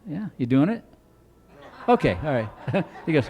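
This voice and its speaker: A man performs stand-up on a comedy club stage, his voice sitting a touch high for a man. He rambles through his stories and banters with the crowd, now and then breaking into loud, exaggerated voices for his bits. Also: unhurried. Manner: rambling, animated storytelling, bursts into loud put-on voices.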